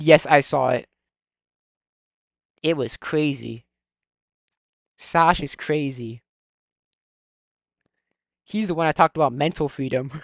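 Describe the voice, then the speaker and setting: A man's voice: fairly high pitch, vocal fry, a bit bright, no echo, studio quality. Heated man arguing in casual chat. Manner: heated, argumentative, reads points from notes. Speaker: video talk participant.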